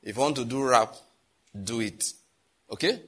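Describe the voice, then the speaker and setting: Nigerian male pastor, chatty and lively preaching, breathy edge, bright tone. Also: mid-range voice, moderate pace. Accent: Nigerian English. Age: adult, married. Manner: lively, chatty preaching with laughs and asides to the congregation. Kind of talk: sermon.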